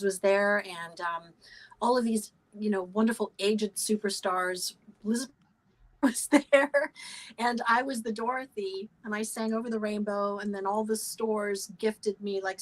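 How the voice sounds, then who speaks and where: A woman's voice: mid-range voice, poor audio. Chatty middle-aged American woman storyteller. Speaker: podcast guest, voice actor and singer. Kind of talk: casual chat.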